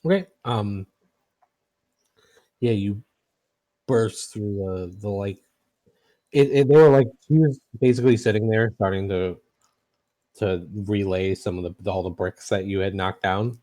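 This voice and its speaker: Low, mellow-voiced man as game master. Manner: halting, filler-heavy narration. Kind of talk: narrating a tabletop game.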